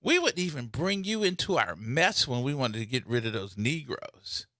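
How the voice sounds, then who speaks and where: A man's voice: medium pitch, very animated, moderate pace, sharp tone, no echo, clean studio sound. A man, hosting a talk radio show with playful, theatrical commentary and mocking put-on voices. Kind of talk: animated commentary with mock skits.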